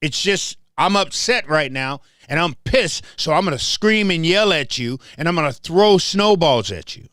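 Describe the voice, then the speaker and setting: Emphatic man with a lively voice. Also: fairly high pitch, moderate pace, hardly any pauses, dry recording, clean studio sound. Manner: repetitive, restarts phrases, emphatic. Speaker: show host. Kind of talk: casual commentary monologue.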